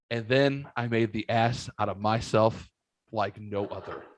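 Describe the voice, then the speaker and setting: A man's voice: lowish voice, takes it slowly, no room sound. A man in his thirties hosting a podcast, telling a long story casually, swearing freely and acting out what people said. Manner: profane, animated storyteller acting out quotes. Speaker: podcast host.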